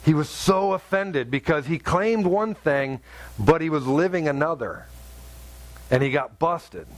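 This sermon starts with a man telling a personal story in a halting, filler-heavy, conversational way and builds to fervent exhortation. He sounds animated, his voice on the high side, in a dry recording.

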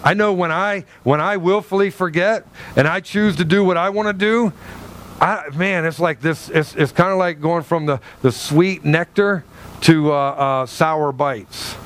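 A male pastor preaching a sermon in an animated way, acting out little dialogues with God. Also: a little high, measured pace, a little hiss or hum.

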